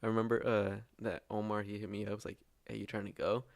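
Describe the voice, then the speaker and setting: A man's voice: lowish voice, flat delivery, quick pace, creaky, no echo. A man hosting a podcast, chatting casually with short reactions and slangy asides. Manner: laid-back, short backchannels and slangy asides. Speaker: podcast host. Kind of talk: casual chat.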